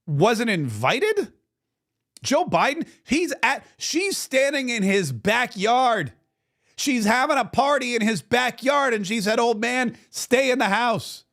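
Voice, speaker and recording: A man with a fairly high voice hosts a political commentary show. He sounds indignant and animated and keeps circling back on his own phrases. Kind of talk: opinionated commentary.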